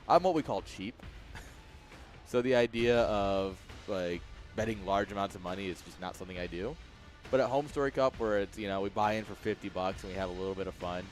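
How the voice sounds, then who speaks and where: A man casting a strategy game live for his stream, chatty, laughing often and talking straight to his chat. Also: fairly low pitch. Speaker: esports caster and streamer. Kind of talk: live game commentary mixed with chat to viewers. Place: home streaming room with a webcam.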